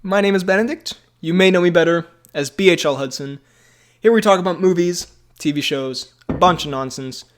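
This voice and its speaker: A man's voice: high-pitched, fairly quick. A young man hosting a podcast, from Denmark, chatting casually and laughing often. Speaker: podcast host. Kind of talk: casual chat.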